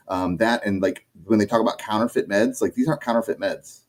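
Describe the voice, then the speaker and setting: A man's voice: on the low side, brisk, hardly any pauses. A man co-hosting a casual livestream. He reads viewer questions and explains things loosely, with lots of fillers. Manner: relaxed, explains with many fillers. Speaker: co-host reading viewer questions.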